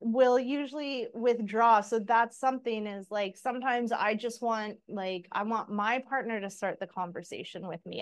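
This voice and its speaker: A woman co-hosting a podcast tells stories in a candid, animated way. She swears freely and laughs along with her own stories. Her voice sits a little high. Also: moderate pace, hardly any pauses. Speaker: podcast co-host. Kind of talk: casual chat.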